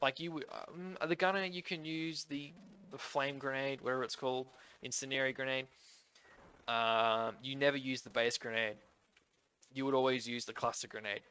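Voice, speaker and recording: Australian man, nasal, bright forceful tone, casual gaming commentator. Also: mid-range voice, fairly even intonation, normal speed, clean tone. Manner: chatty, rambling, thinks aloud. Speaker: gaming YouTuber. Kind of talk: casual commentary on update notes.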